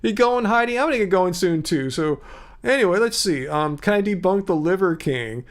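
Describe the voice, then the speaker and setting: A man in his fifties, sounding tired, hosts a casual livestream and rambles while answering viewers' comments by name. His voice is high and expressive, and he speaks at a normal speed.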